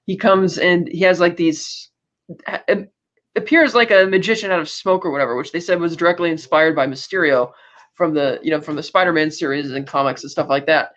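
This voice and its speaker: Man, podcast host, casual film recap, rambling, fillers, slightly high voice, dull lo-fi sound. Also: a little fast, a bit bright. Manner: rambling, many fillers and restarts; acts out character quotes.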